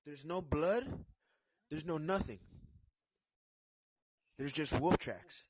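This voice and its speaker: A man hosting a live stream, telling a story in a casual, animated way and acting out the characters' lines. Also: fairly high pitch, slow, husky, no echo, rough recording.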